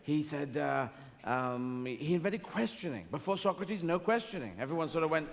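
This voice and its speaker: Male stand-up comic, rambling and whimsical, slightly high, gravelly edge; live theatre recording with a long reverb tail and audible crowd. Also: lively intonation, moderate pace, very noisy. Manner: rambling, whimsical, slips into silly voices. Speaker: stand-up comedian. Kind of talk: stand-up comedy routine. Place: large theatre stage.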